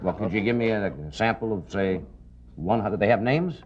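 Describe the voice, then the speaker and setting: A man hosting a TV talk show, asking quick, friendly questions with frequent restarts. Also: on the low side, crowd noise. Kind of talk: casual TV interview. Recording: dull lo-fi TV recording with audience.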